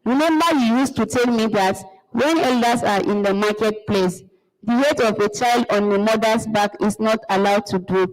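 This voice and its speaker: A woman's voice: fairly high pitch, moderate pace, close to an everyday voice. A woman reading a play aloud, voicing a young man who pleads insistently with his father. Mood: pleading. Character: young man demanding to know his mother. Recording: long hall reverb.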